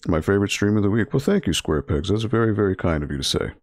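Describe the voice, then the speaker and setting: A man hosting a relaxed library game stream, talking to viewers in a low-energy, monotone way with frequent restarts. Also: fast, no echo, clean studio sound. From Connecticut, US. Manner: restarts and filler words. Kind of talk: casual chat with stream viewers.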